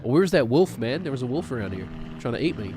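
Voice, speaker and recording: A man's voice: medium pitch, big pitch swings, quick pace, noisy background. A man streaming a video game, rambling and joking offhandedly as he plays. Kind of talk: gaming stream commentary.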